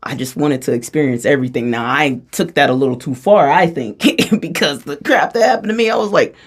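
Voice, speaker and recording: A spiritual channeler speaking a freestyle channeling monologue, animated and chatty and often laughing. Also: medium pitch, fairly quick. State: out of breath.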